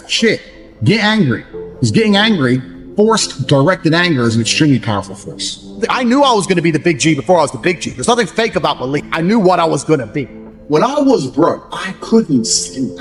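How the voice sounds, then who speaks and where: A man, ranting bluntly and profanely in a motivational talk, scornful of others. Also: on the high side. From England. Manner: profane, scornful, mocks others in put-on voices. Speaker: motivational speaker. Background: faint background music.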